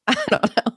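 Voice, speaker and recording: A woman's voice: a bit bright, no room sound, studio quality. A woman from Maryland co-hosting a podcast, chatting casually and teasing with easy laughs. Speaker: podcast co-host.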